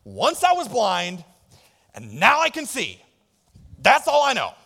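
A man's voice: sits high, huge pitch swings, slow pace, creaky, sharp tone, pitched above the performer's own voice, full character voice. A man voicing a plainspoken country man who was blind and is now thrilled to see. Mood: giddy. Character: excited healed blind man, country hick.

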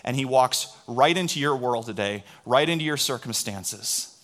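A middle-aged male pastor preaching a sermon, telling stories in an animated way and drawing in the congregation. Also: mid-range voice, normal speed.

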